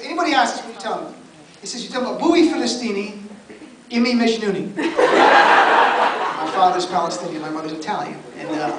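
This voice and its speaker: A man from New Jersey doing a stand-up set, chatting with the audience and firing off mock-exasperated asides. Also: high-pitched. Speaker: stand-up comedian. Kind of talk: stand-up comedy set with crowd work. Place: comedy club stage, live audience. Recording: roomy club sound from a distance, loud crowd and noise. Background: audience laughter and chatter.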